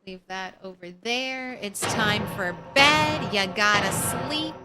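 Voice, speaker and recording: A woman's voice: medium pitch, takes it slowly, loud music behind the voice. A young woman streaming a survival game, chatting casually and swearing now and then as she talks to viewers and her animals. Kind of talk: casual gameplay commentary.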